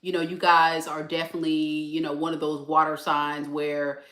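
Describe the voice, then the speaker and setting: A woman's voice: low voice, completely flat delivery, moderate pace, a bit bright, reverberant. A tired woman tarot reader, chatting casually and laughing in sassy slang during a live reading.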